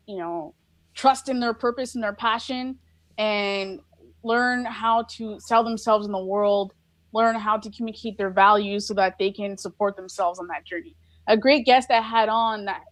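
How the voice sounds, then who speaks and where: A woman's voice: medium pitch, no room sound. A woman speaking as a guest on a podcast, in an earnest, reflective casual conversation full of filler likes. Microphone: recorded over a live video call.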